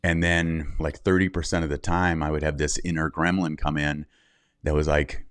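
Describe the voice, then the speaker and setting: A man's voice: a bass voice, moderate pace, smooth, dry recording, clean studio sound. A middle-aged man, a podcast guest, telling a personal story candidly and acting out the things people said. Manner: candid, animated storyteller who acts out quotes. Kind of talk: interview storytelling.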